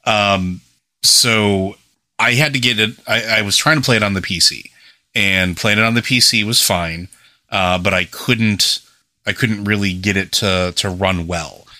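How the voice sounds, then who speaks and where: A podcast co-host rambles in casual conversation, filling it with fillers. He talks at a measured pace in a fairly low, sharp-toned voice, with clean studio sound and no room sound.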